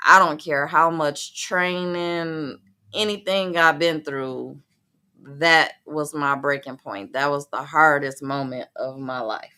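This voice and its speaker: Slow, halting low-voiced woman guest. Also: sharp tone. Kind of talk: casual talk show chat.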